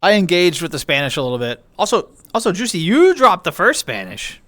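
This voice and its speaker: A man's voice: high-pitched, big pitch swings, fairly quick, pushed and bright. A man streaming from home, chatting casually with viewers in a playful, chatty way. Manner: chatty, bouncy intonation, playful. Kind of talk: casual chat reading viewer messages.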